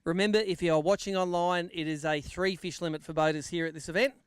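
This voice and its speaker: A man's voice: high voice, steady tone, quick pace, clean tone, no echo, clean studio sound. An Australian man acting as MC at an outdoor fishing weigh-in, giving live commentary and bantering with the anglers.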